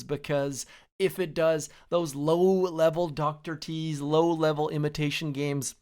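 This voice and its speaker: A man's voice: on the high side, clear, resonant tone. A man hosting a mobile strategy game channel, chatting casually and upbeat while he plays, often poking fun at himself. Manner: chatty, upbeat, self-deprecating, talks while playing. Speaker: gaming channel host. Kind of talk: casual gameplay commentary.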